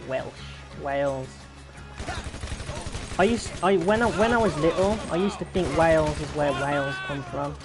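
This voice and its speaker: A man's voice: fairly high pitch, normal speed. A young British man chatting casually while playing, rambling and answering his chat. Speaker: gaming YouTuber. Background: game music and gunfire.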